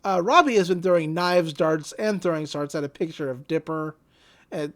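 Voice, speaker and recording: A woman co-hosting a podcast, casually recapping a cartoon episode in an animated way with many fillers. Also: deep voice, moderate pace. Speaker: podcast co-host.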